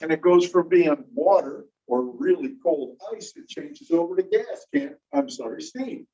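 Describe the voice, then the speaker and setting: A man's voice: on the high side, animated, measured pace, vocal fry, dark tone, breathy edge. Man lecturing a class from a distance. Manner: explanatory, asks the class questions. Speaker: teacher. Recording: distant, dull room recording.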